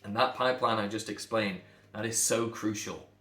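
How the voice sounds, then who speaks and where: Man, pronunciation coach, bright forceful voice, blunt and emphatic, echoey room, faint music behind. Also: lowish voice, normal speed. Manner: emphatic, blunt, repeats phrases for effect. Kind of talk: direct-to-camera lesson.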